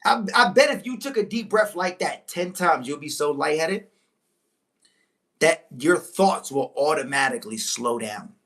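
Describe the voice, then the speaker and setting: A woman giving a motivational talk to viewers, preachy and emphatic, repeating key lines, slowing on big points and breaking into excited exclamations. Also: sits low. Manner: slows right down on key phrases. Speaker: motivational speaker. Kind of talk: live-stream motivational talk.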